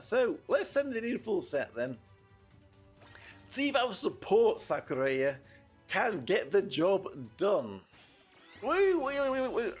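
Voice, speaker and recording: VTuber man, high husky voice, loose rambling game commentary. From United Kingdom. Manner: rambling, chatty, with frequent restarts. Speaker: VTuber streamer. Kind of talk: casual gameplay commentary.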